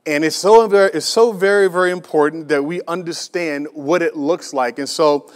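A male pastor preaching a sermon who has his congregation repeat key phrases and builds in intensity as he makes his points. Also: moderate pace. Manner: builds in volume and pitch as he presses a point.

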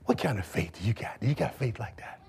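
A man preaching a sermon in church, emphatic and full of rhetorical questions, swinging from shouts to hushed asides. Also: mid-range voice, big pitch swings, quick pace, gravelly, slight background noise.

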